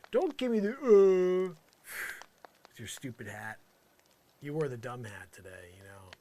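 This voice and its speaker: A man's voice: a little high, a bit bright, slight background noise. A man doing an improvised comedy monologue in character, rambling and exasperated, full of "you know" asides.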